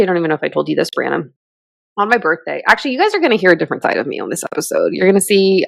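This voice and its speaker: Low gravelly woman in her thirties. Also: dry recording. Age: 30s. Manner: rambling, filler-heavy, reflective. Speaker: podcast co-host. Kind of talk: casual chat.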